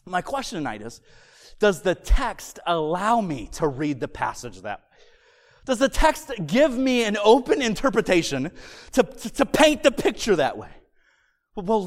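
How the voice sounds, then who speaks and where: A man delivers a sermon with animated, emphatic storytelling, slowing down to hammer key lines. His voice sits high for a man. A long reverb from the church hall follows every phrase. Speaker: preacher.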